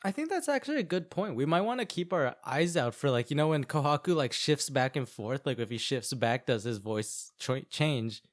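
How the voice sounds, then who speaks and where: With big pitch swings, a moderate pace, and hardly any pauses, a medium-pitched man co-hosts a podcast and recaps an anime. He rambles in a chatty way, leaning on filler like "like" and performing lines from the show.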